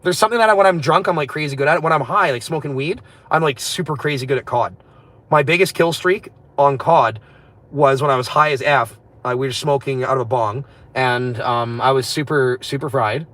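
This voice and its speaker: A man from Canada chatting on a late-night livestream, reading viewer comments and rambling very fast between laughs. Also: mid-range voice, fairly bright tone. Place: indoors at night, after a street walk.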